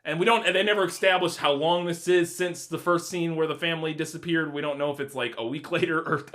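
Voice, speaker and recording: A man's voice: on the high side, fairly even intonation, fast talker, a bit bright. Laughing, swearing podcast host, a man. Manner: laughs often, swears freely, rambling. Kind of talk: casual chat.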